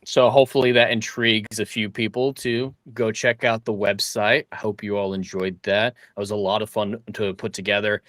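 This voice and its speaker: A man hosting a relaxed podcast conversation and explaining things between small laughs. His voice sits low but has a bright, forceful tone. The recording is dry and close. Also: moderate pace, few pauses, no echo. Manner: chatty, explains with little laughs. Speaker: podcast host and audio drama producer. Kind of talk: casual chat.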